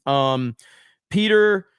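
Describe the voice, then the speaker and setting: A man hosting a live stream, reading viewer comments aloud in a relaxed, casual chat full of ums and uhs. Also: a little high, drawn-out words, clean tone, dry recording, clean studio sound. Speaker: host.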